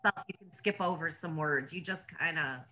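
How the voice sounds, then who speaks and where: Bright-voiced woman chatting. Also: low voice, fairly quick. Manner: questioning, restarts sentences. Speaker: book club member. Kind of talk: casual group chat.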